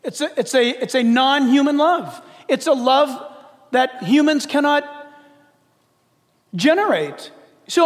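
A male pastor preaching an animated, conversational sermon with humor. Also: very high-pitched, unhurried, long pauses, long reverb tail.

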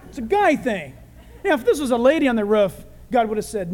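A male preacher giving a sermon, talking in an animated, conversational and humorous way. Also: very high voice, brisk, big-room sound.

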